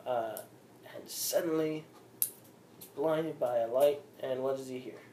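Man, Bible study leader, middle pitch, reads scripture then quizzes the group, echoey room, faint background noise. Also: measured pace, warm tone. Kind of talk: informal Bible study teaching.

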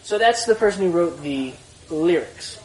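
In a casual small-group Bible study, the leader reads passages aloud steadily, stopping now and then to chat and explain. His fairly high, darkish voice is expressive and normally paced, recorded in a roomy room on a distant mic.

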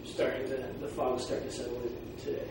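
A man teaching a Greek class, explaining pronunciation and sounding out words slowly. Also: medium pitch, level tone. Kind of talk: classroom lecture. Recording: echoey room from far off, faint noise.

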